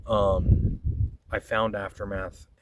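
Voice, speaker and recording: A man's voice: lowish voice, level tone, takes it slowly, distant mic, noisy background. A man telling rambling, profane stories about making his videos, often quoting himself in a casual monologue. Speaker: vlogger.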